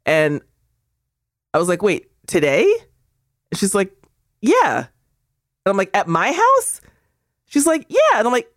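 A woman's voice: mid-range voice, wildly swooping pitch, unhurried, pauses often, fairly bright tone, no room sound, studio quality. A woman co-hosting a podcast, telling profane, exasperated stories with bursts of laughter. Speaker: podcast co-host. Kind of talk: casual chat.

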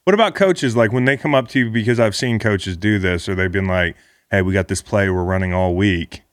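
A man interviewing a guest in casual chat, playful and quick to laugh. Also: fairly low pitch, dry recording, studio quality. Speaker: interviewer, former player.

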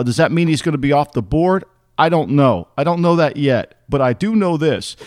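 A blunt, middle-aged man argues his points hard on a sports podcast, swearing as he goes. His voice sits a little high for a man, and the sound is very dry, close to the mic with no room echo. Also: darkish tone. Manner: blunt, emphatic, argumentative, curses freely. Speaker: podcast host, former football executive. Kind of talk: casual sports podcast chat.

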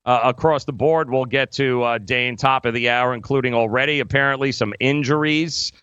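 A man's voice: medium pitch, steady tone, moderate pace, a bit bright, smooth, no echo, highs cut off. A man hosting a fantasy sports radio show, talking casually with lots of filler words. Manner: rambling with many fillers.

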